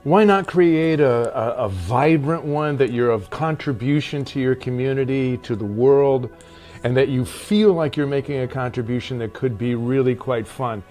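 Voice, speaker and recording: A man's voice: medium pitch, normal speed, darkish tone, faint music behind. A man, an actor appearing as a podcast guest, speaks earnestly and emphatically and repeats phrases to stress them. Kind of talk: casual conversation.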